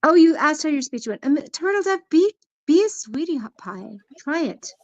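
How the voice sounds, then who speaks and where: A woman's voice: sits high, sing-song, moderate pace, no echo, dull audio. A woman hosting a live stream, chatting casually and teasing people in the chat, her voice worn out. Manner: playful, teasing, reads chat names aloud.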